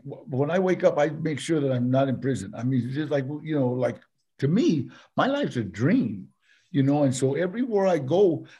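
An older man with a gravelly, husky voice sits down as a podcast guest. His speech is pitched a bit high and full of laughs, fillers and restarts as he spins his stories. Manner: animated, laughing, halting with many fillers. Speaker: guest actor. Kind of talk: casual storytelling.

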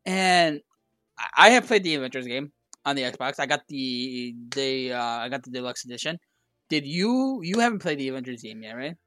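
A man's voice: medium pitch, expressive, moderate pace, sharp tone, dry recording, studio quality, faint music behind. A man co-hosting a casual gaming podcast, teasing and jokey in banter. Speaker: podcast co-host.

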